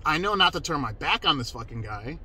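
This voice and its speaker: A man's voice: a little high, very animated, fairly quick, sharp tone, husky, low-quality recording. A man telling a personal story in a casual, emphatic way, cursing freely and restarting his sentences. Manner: profane, emphatic, self-interrupting.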